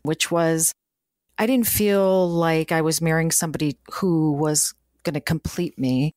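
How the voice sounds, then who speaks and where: A woman's voice: low-pitched, steady tone, unhurried, darkish tone, no echo, studio quality. A middle-aged woman hosting an interview, answering her guest with affirming, personal reflections. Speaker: podcast host. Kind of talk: conversational interview.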